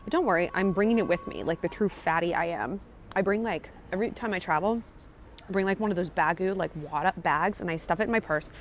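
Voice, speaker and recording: A woman talking to camera in a casual travel vlog, chatty, excitable and jokey, recorded outdoors on a handheld camera. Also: lowish voice, fast talker, slight background noise. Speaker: travel vlogger. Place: outdoors on a café patio and in city streets.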